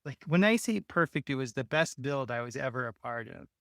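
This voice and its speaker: A man's voice: mid-range voice, lively intonation, brisk, vocal fry, fairly bright tone, no echo, clean studio sound. A man, a builder guest in an interview, telling a story casually with many restarts and short laughs. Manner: rambling, restarts often, laughs between phrases.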